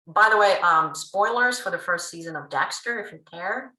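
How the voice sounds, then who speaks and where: A woman giving a pre-recorded linguistics lecture, explaining in a lively way with frequent ums. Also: fairly low pitch, moderate pace. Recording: roomy room sound.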